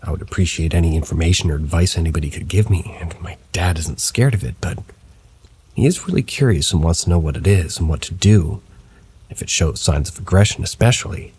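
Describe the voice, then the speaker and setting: Low, even, and husky, a man's narration of scripted first-person paranormal tales moves fairly quickly. Slight background noise sits under the recording.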